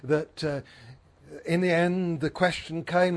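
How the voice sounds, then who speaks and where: A man's voice: a little high, fairly even intonation, slow pace. A man preaching a sermon. He is earnest, repeats phrases for emphasis and asks his listeners questions.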